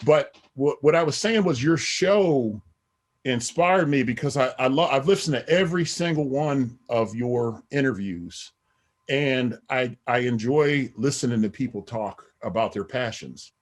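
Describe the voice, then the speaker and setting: A man's voice: medium pitch, lively intonation, measured pace. A middle-aged man, a podcast guest, talking in a rambling casual way with many "you know what I mean" asides. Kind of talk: casual interview talk.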